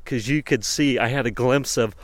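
A man thinks aloud in a loose, self-interrupting monologue, chuckling as he goes. His voice sits in an ordinary middle pitch. The recording is close and dry, with no room sound. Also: moderate pace, no room sound. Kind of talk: reflective solo monologue.

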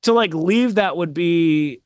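A man co-hosting a podcast, chatting casually about a film and acting out characters' lines with animated energy. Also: a little high, slow, clear, resonant tone, no echo, studio quality. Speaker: podcast co-host.

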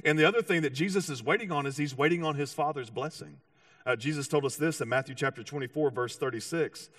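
A man preaching a sermon with animated storytelling, acting out voices and often restarting his sentences. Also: fairly high pitch, fast talker, dry recording, studio quality, recorded from a distance. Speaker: pastor.

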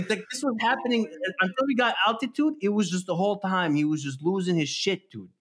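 A man telling an animated, casual story, full of fillers and swearing. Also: high-pitched, a little fast, hardly any pauses. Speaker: storyteller guest. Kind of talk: casual chat.

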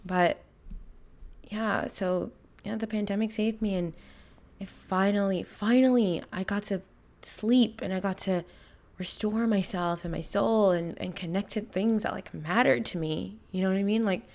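A woman's voice: medium pitch, fairly even intonation, moderate pace, creaky, a little mellow. A young woman hosting a podcast, talking candidly and emotionally in a rambling, filler-heavy way. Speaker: podcast host. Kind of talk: casual confessional monologue.

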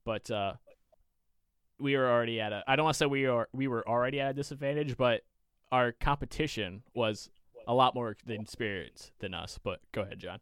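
Smooth-voiced man, rambling podcast chat. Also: mid-range voice, brisk, fairly bright tone, dry recording, clean studio sound. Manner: rambling, profane storytelling with many fillers. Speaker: podcast co-host.

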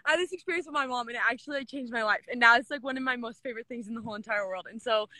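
A young woman with a high, bright voice chats through a scripture talk, gushing and filling every pause with "like." She retells the story as lively back-and-forth dialogue, and the sound is close and dry. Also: no echo. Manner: gushing, filler-heavy with constant "like". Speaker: devotional speaker.

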